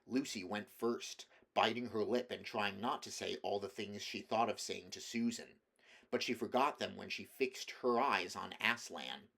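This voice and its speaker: A man reading a novel aloud at a measured pace, with small slips and restarts. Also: lowish voice, gravelly, a bit bright. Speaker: audiobook reader.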